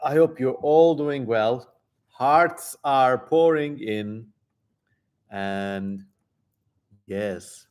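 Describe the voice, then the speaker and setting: A man hosting a live stream, chatting casually and reading viewer comments aloud in a relaxed, easygoing way. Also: mid-range voice, very slow, long pauses, clear, resonant tone.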